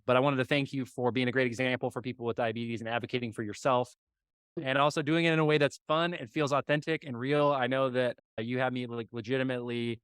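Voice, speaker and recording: Fast-talking man hosting a podcast. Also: medium pitch, steady tone, fairly bright tone, smooth, no room sound, studio quality. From Dallas, Texas. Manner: friendly, enthusiastic interviewer with filler words. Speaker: podcast host. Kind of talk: casual interview. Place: remote call.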